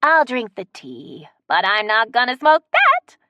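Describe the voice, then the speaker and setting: A woman voicing a giddy older woman who plays matchmaker, talking high and pleading. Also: huge pitch swings, a little slow, sharp tone, no room sound, dull audio, heavily acted. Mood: eager.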